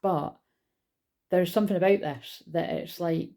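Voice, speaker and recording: Rambling Scottish woman, gravelly and low. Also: measured pace, dark tone. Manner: rambling, chatty, swears casually. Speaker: spiritual card reader. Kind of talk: casual card-reading vlog.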